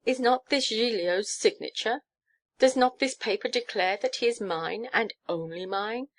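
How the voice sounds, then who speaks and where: A woman's voice: medium pitch, moderate pace, lightly acted. A woman reading a storybook, voicing a pushy, clinging old countess who shrieks and gushes. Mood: pleading. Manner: shrieking, gushing and pleading.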